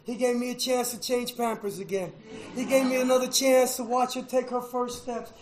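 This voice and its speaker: A middle-aged man telling his recovery story to a meeting, emotional, with a preacher-like rhythm, going from hushed to shouting and repeating "man.". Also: very high-pitched, steady tone, moderate pace, reverberant, rough recording. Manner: preacher-like, repeats phrases, says "man" often. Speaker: recovery speaker at a fellowship meeting. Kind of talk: personal testimony to an audience.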